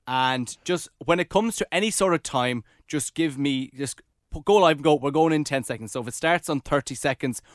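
A man's voice: fairly high pitch, fairly quick, dry recording, studio quality. A man co-hosting a podcast, telling a story with lots of acted-out dialogue. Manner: lively storyteller, acts out dialogue. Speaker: podcast co-host. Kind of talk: casual chat.

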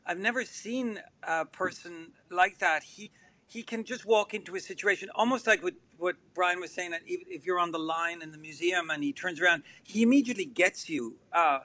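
Man, musician guest, high-pitched, sharp tone, hesitant, dry studio sound. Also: moderate pace, no echo. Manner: thoughtful, hesitant with many fillers. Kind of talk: radio interview.

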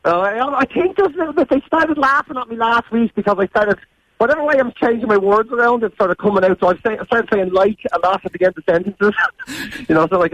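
A man with a Dublin accent, a guest in a casual radio interview, chatty and quick to laugh. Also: high voice, a bit bright, no echo, lo-fi sound. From Dublin, Ireland. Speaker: actor guest.

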